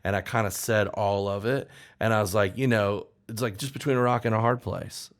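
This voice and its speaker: Lively, low-voiced man telling a story. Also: brisk. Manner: animated storyteller acting out quoted voices. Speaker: songwriter guest. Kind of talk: casual storytelling chat.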